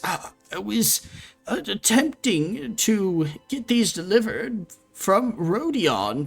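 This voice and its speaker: A man voicing an excitable, apologetic elderly male scholar wizard in a tabletop game. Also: high voice, creaky, slightly rough, voice pushed up, heavily acted.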